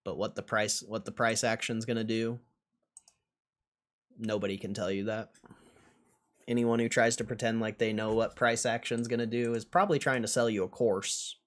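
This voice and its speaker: A man's voice: fairly low pitch, fairly even intonation, moderate pace. A young man hosting a casual stock livestream and answering chat in a sarcastic, laid-back way, swearing and laughing often.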